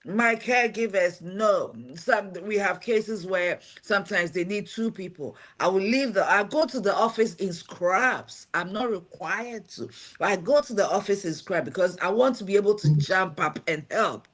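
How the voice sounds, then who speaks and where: A non-American woman who both pastors and runs a home care agency speaks earnestly and from the heart on a livestream talk show, repeating key phrases for emphasis. Her mid-range voice is fairly bright, moving at normal speed with hardly a pause.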